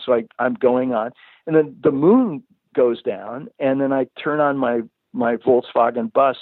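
Telling a long story about his life, this guest speaks in a mid-range voice with vocal fry, rambling casually, restarting sentences and saying "you know" often. The recording has a tinny phone-line quality, dry with no room sound.

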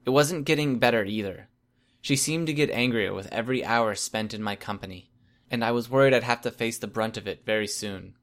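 A man narrating a first-person story in a steady, even reading voice. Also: mid-range voice, a little fast. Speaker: audiobook reader.

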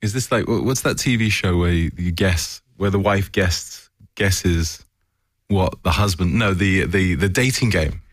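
A man's voice: low voice, unhurried, no echo, clean studio sound. A man speaking as a talk show guest, an acupuncturist and yoga teacher, talking hesitantly with many fillers. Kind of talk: casual interview conversation.

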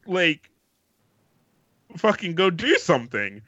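High, animated man telling a story. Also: takes it slowly, dry recording, muffled recording. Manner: animated storytelling with swearing and laughter. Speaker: podcast co-host. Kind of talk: casual chat.

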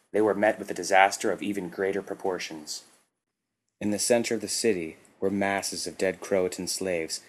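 Male narrator, measured and dramatic, low voice, story reading. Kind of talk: scripted narration.

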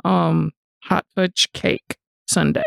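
A woman in her forties with a Southern US accent, co-hosting a podcast and telling a story in a casual, animated, profane way. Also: fairly low pitch, takes it slowly, gravelly, a little hiss or hum. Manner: animated, profane, frequently says y'all. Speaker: podcast co-host.

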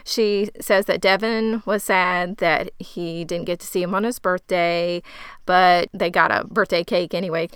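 A woman co-hosting a casual chat, retelling a story with sarcastic, animated asides. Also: on the low side, unhurried, clean tone, dry recording, studio quality. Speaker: podcast co-host recapping a film.

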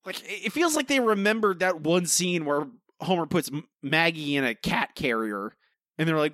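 A podcast co-host with a slightly high, lively voice speaks at a moderate pace, his tone bright and forceful with no echo. In a casual episode review chat, he rants in exasperation about an episode, saying "like" constantly.

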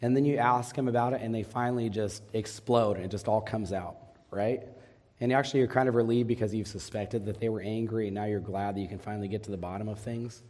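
Pastor preaching in a reverberant hall. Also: male voice, on the low side, fairly even intonation, quick pace, darkish tone. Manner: asks the congregation questions and answers them. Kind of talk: sermon. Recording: long reverb of a large hall.

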